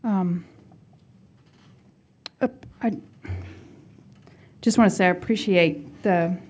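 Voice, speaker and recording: Polite woman with a mellow voice. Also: on the low side. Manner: polite and measured, with ums. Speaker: representative of the developer. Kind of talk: presentation to a zoning board. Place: public meeting room.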